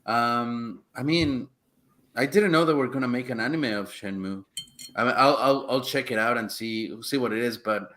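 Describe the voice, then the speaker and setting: A man's voice: mid-range voice, normal speed, fairly bright tone. A man on a livestream panel, rambling with fillers and casual swearing.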